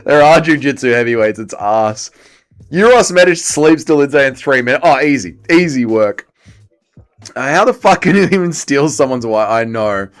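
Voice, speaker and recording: Young Australian male streamer, crude, scoffing delivery with a lively pitch. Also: moderate pace. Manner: profane, mocking, reads chat aloud. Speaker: livestream host. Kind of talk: casual fight-watching commentary.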